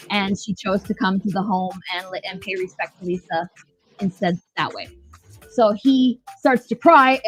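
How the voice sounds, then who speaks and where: On a low-quality recording, a medium-pitched woman co-hosts a podcast. She recaps a show in casual, blunt chat full of profanity and jokes.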